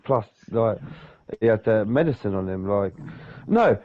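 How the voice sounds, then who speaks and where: A man's voice: on the low side, animated, normal speed, phone-quality sound. A man, telling a rambling, sweary story in casual talk and acting out other people's lines. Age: 30s.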